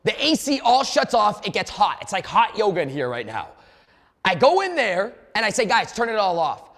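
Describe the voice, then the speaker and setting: A man speaks in a high, pushing voice as he gives a motivational sales webinar. He tells energetic, profane stories from his office. A long reverb trails behind him. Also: normal speed. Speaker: sales trainer.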